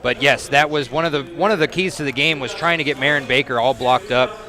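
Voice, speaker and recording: Guy calling a high school hoops game, laid back, chatty, lots of ums, loud crowd in the gym behind him. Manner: chatty and easygoing, with frequent pauses and fillers. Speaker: play-by-play announcer. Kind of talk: casual halftime broadcast commentary.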